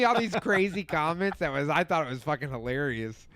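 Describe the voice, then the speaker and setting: A man's voice: on the high side, a little fast, hardly any pauses, no echo, studio quality. A man telling loose, profane stories on a casual podcast, acting out what people said. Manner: profane, animated storyteller acting out quotes. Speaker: podcast co-host. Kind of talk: casual storytelling. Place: home podcast studio.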